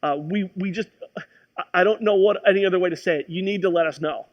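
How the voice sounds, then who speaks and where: A man's voice: high voice, quick pace, highs cut off. A man preaching a sermon as a pastor, telling a personal story in a conversational way with frequent restarts.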